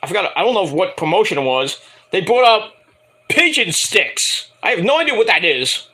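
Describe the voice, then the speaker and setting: Man, wrestling reviewer, high lively voice, bright, swearing, rambling, jokey. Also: normal speed, slightly rough. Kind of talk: casual solo review commentary.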